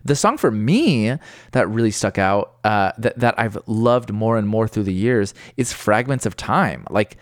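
Brief: young male podcast co-host, excitable and slangy, with a lively voice and a dry, close sound. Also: lowish voice, unhurried, dry recording. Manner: excitable, slangy, says "dude" and "bro" a lot. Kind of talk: casual music chat.

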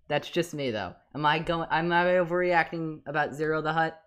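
Woman podcast co-host, very low voice, animated and exasperated, stumbles and restarts. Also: moderate pace, clean tone. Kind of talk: casual fan discussion.

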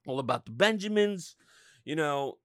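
A man's voice: on the high side, moderate pace, no echo, clean studio sound. A man in his thirties hosting a podcast, ranting casually with lots of swearing and filler words. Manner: profane, animated ranting with frequent fillers. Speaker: podcast host. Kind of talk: casual rant.

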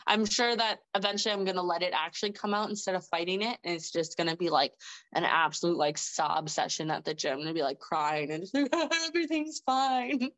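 A woman's voice: on the low side, fairly even intonation, fairly quick, fairly bright tone, rough recording. A woman guest on a podcast telling stories casually, laughing often and filling her speech with "like". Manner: chatty, laughs often, heavy use of "like". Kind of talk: casual conversational storytelling.

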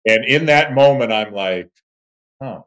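A man in his fifties, a sportscaster, telling stories about his career as an animated interview guest. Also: moderate pace. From Toronto, Canada. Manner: animated storyteller, lively swings in pitch and volume. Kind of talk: conversational interview storytelling.

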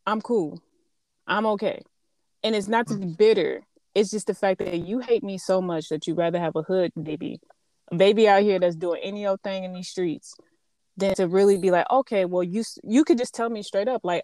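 A young woman with a lowish voice talks candidly in a casual chat and acts out what others said. The recording is close and dry, with no room sound behind her. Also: dry recording. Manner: candid, animated storytelling, quoting others.

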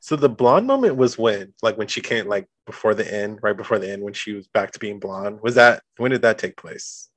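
A man co-hosting a podcast in casual chat, relaxed and asking questions. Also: on the low side, fairly quick, few pauses, no echo. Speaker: podcast co-host. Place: video call.

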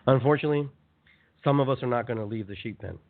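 A man's voice: medium pitch, fast talker. Man talking over a tinny phone line. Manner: animated, conversational, repeats phrases for emphasis. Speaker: radio show host. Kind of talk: motivational spiritual monologue.

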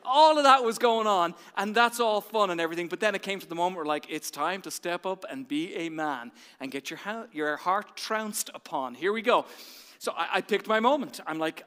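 An Irish man in his forties, a pastor delivering an animated sermon that swings from hushed to loud, recorded in a large church hall. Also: high-pitched, fairly quick, clean tone. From Ireland.

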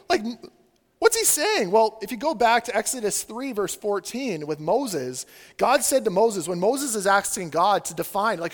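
Animated high-voiced male preacher. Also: moderate pace, in a large hall. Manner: animated, casual, filler-heavy with "like", acts out quoted voices. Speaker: pastor. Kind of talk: sermon.

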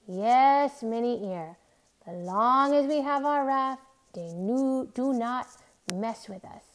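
A weathered old seaman, put on by a woman reading a storybook aloud, speaks in a lilting dialect. His voice sits fairly high for an old man and carries loud, urgent calls. He stays steady and protective. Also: slow pace. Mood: reassuring.

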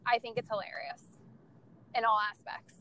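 High, bright-voiced young woman chatting. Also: steady tone, normal speed, slight background noise, rough recording. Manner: laughing, candid, profane storytelling. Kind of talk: casual chat.

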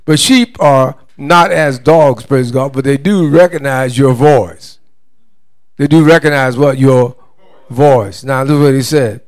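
A man's voice: mid-range voice, measured pace. Man preaching with call and response. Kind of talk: sermon.

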